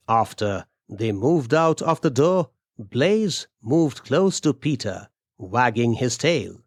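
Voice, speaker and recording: A man narrating a storytelling podcast in a measured, deliberate way. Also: medium pitch, big pitch swings, dry recording, clean studio sound.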